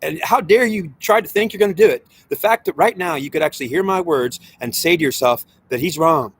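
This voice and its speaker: A man delivers a heated spiritual monologue in a voice pitched a little higher than most men's. He talks in an agitated, rambling way and keeps circling back on the same points, repeating them again and again. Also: a little fast, a bit bright, slight background noise. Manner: agitated and rambling, with frequent repetition.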